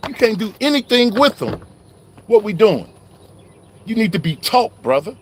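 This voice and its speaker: A man's voice: high voice, very animated, moderate pace, husky. A man giving a heated, preachy online call-out, riled up and confrontational, wired on coffee. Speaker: online religious commentator.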